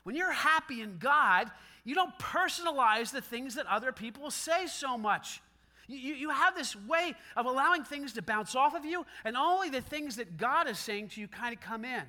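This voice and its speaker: A middle-aged male pastor preaches a loose, chatty sermon in a very high, sharply bright voice. He swings his pitch widely, acts out quick back-and-forth exchanges and often laughs along with his own stories.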